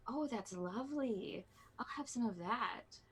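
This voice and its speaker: A woman playing a polite, friendly young adventurer who asks questions in a halting, curious way in a tabletop role-play. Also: mid-range voice, creaky, slightly rough. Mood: pleased.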